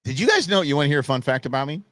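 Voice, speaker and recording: A man's voice: a little high, sing-song, racing, no echo. A man hosting a live show, chatting casually, laughing often and reacting to viewer comments. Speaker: livestream host. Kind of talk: casual live-stream chat.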